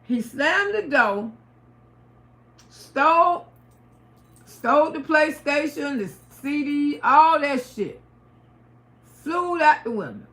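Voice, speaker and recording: A woman's voice: high voice, lively intonation, takes it slowly, long pauses, fairly bright tone. A middle-aged woman on a livestream from her home, telling a personal story in an emphatic, repetitive and profane way. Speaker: livestream host. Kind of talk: casual storytelling to a live audience.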